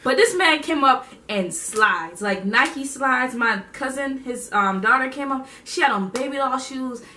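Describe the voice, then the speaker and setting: A young woman vlogger tells a story in a bright, high-leaning voice, full of slang and quick laughs. She sounds a little distant from the mic, with faint ambient noise around her. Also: expressive. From Haiti. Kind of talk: casual storytelling to camera.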